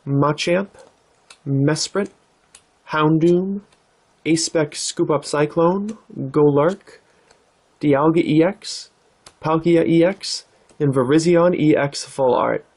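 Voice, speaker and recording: Relaxed man hosting a card-opening vlog. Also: on the high side. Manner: relaxed, thoughtful, with many fillers. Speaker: card-opening channel host. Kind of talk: casual vlog narration.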